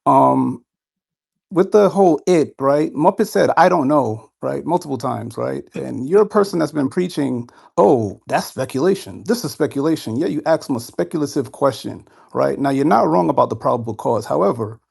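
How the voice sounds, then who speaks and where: A man in a heated online debate, mocking and halting, tagging on "right?" again and again. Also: mid-range voice, expressive, vocal fry, a little mellow, husky. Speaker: debate caller.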